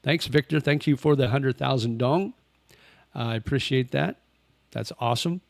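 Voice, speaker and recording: A man's voice: medium pitch, normal speed, vocal fry, dry recording. Laid-back man chatting on a livestream. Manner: relaxed, rambling, many fillers, chuckles often. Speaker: livestream host. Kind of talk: casual chat reading viewer comments. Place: home, living in Thailand.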